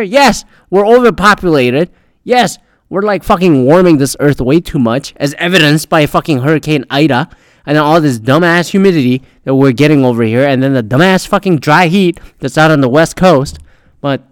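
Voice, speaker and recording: Podcast host, young man, fast profane rambling rant, smooth and dry. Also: a little high, dry recording.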